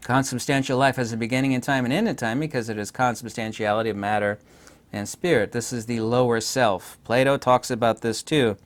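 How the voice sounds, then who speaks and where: A man giving an unscripted philosophy lecture, emphatic and insistent, repeating his points and pausing on frequent hesitations. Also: mid-range voice, steady tone.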